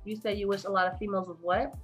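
A woman co-hosting a podcast in casual chat, sassy and animated as she tells a story into a studio mic. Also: medium pitch, rapid-fire, soft background music. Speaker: podcast co-host. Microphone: studio microphone.

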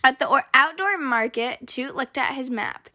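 Lady reading a kids story out loud, gentle and expressive, kinda high voice. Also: moderate pace. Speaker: host, storyteller. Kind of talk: children's story read-aloud.

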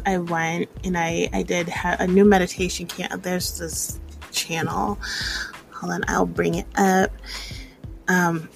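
A woman's voice: fairly low pitch, creaky. A young woman talking casually and candidly in a personal vlog, rambling, laughing often and swearing now and then. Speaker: vlogger.

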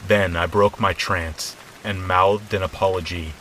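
Deep-voiced man narrating a horror story. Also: steady tone, a little slow, a little hiss or hum, low-quality recording. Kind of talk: scripted narration. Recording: soft rain behind.

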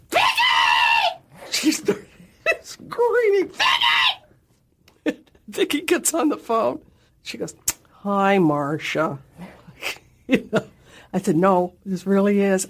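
An older woman in an archival interview, recounting a story in a chatty way with frequent laughter. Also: on the low side. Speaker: interview guest. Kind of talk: anecdotal interview.

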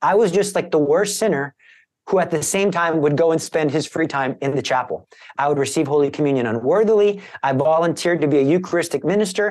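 A man's voice: fairly high pitch, fairly quick, a little mellow. Man giving an earnest emotional testimony. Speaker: guest, Catholic evangelist. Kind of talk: personal conversion testimony.

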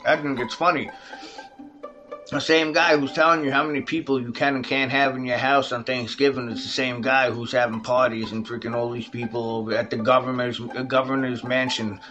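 A man's voice: medium pitch, level tone, a little fast, bright, forceful tone, dull audio. Guy ranting to camera, swears a lot, calls everyone folks, bit of music behind. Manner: profane, heated, addresses the audience as folks. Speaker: vlogger. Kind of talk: casual political rant.

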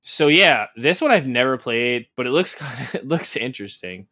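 Male co-host, bright and punchy, dry mic, loose profane rambler with a sarcastic edge. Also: medium pitch, animated, normal speed, no room sound. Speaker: podcast co-host. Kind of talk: casual podcast chat.

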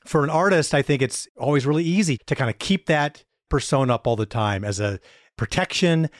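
A man's voice: fairly high pitch, lively intonation, a little fast, no room sound. Dry-voiced male podcast host. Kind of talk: casual interview chat.

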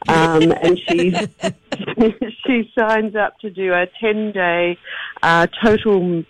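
Australian woman, author guest; casual, halting delivery full of ums; dry studio sound. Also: medium pitch, no room sound, rough recording. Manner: chatty, hesitant with many ums, laughs easily. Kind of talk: casual interview chat.

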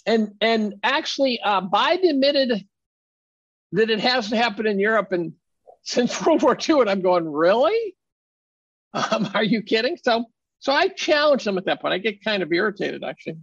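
A man's voice: high-pitched, lively intonation, normal speed, gravelly, a bit bright, slightly rough, dry recording, muffled recording. A man speaking as a podcast guest in casual conversation, emphatic and argumentative.

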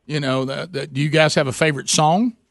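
A man's voice: fairly high pitch, steady tone, brisk, gravelly, no room sound, studio quality. A man hosting a casual radio call-in show, folksy and given to stammering restarts and easy laughter.

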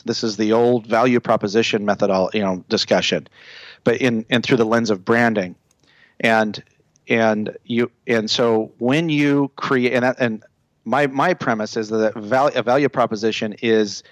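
A man's voice: medium pitch, dry recording. Brief: male consultant guest, casual podcast, confident, lays out points in order, dry close mic. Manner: confident, explains in lists.

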